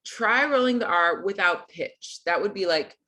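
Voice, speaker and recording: A woman's voice: medium pitch, animated, moderate pace, sharp tone. A woman teaching an online group singing lesson, friendly and encouraging in a casual way.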